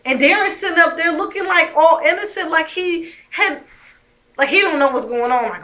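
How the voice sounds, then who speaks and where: A woman's voice: extremely high pitch, animated, moderate pace, pushed and bright, a little hiss or hum. A young woman telling her own story as a mother, emphatic and heated, swearing often. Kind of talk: emotional personal storytelling.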